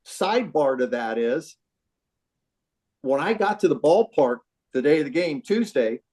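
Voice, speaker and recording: An older man tells an old baseball story over a phone call, lively and animated. His voice sits a little high, and he acts out the quotes with plenty of swearing. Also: a little slow. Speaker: baseball trainer telling a story.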